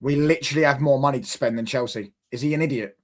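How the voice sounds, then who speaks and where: A man's voice: mid-range voice, quick pace. A man hosting a football reaction stream, ranting in exasperated casual chat and asking rhetorical questions.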